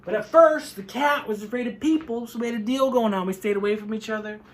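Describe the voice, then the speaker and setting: A man performing a stand-up set, animated, often laughing and acting out voices. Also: high-pitched, quick pace. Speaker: stand-up comedian.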